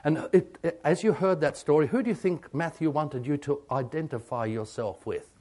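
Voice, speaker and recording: A man preaching a sermon on meditation, halting with many ums and asking rhetorical questions. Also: fairly high pitch, a little mellow. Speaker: pastor.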